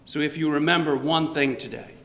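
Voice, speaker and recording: A man preaching a sermon in a church, speaking in a slow, measured way with touches of light humor. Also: fairly high pitch, fairly bright tone, a little hiss or hum. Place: church sanctuary. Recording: roomy church with long reverb.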